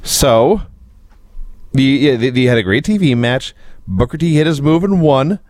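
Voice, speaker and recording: A male podcast co-host who recaps with wry, sarcastic asides. His pitch is middling but moves a lot. Recorded dry and close. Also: expressive, measured pace, a little mellow, no room sound. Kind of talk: casual podcast chat.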